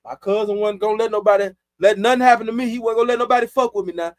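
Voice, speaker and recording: A man's voice: high voice, steady tone, very fast, no room sound, studio quality. A man from Chicago hosting a live stream, chatting loosely in profane street slang and laughing often. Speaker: livestream host. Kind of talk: casual live-stream chat.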